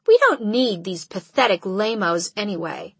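A woman's voice: medium pitch, expressive, moderate pace, a bit bright, slightly rough, no echo. A woman reading a scornful, bossy teenage girl who taunts a classmate in front of a crowd. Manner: sneering, scornful.

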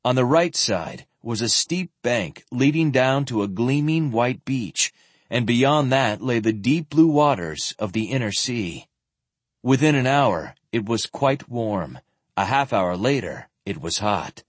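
Male audiobook narrator: husky, even read, dry close studio sound. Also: medium pitch, a little slow, dry recording. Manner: steady, descriptive reading.

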